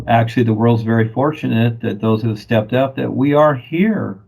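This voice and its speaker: A man's voice: medium pitch, vocal fry, darkish tone, husky, poor audio. A man chatting casually, rambling from one thought to the next with an easy chuckle. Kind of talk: casual chat.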